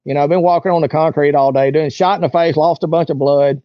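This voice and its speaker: A man's voice: fairly high pitch, steady tone, fast talker, no room sound, lo-fi sound. A man, an interview guest telling a long story in a rambling, folksy way. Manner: rambling, folksy, lots of "you know" and "like". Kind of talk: casual storytelling.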